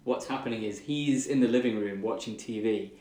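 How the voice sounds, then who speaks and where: A man's voice: fairly low pitch, fairly quick, warm tone, echoey room. A man co-hosting a podcast in casual chat, asking questions with hesitant interjections. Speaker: podcast co-host.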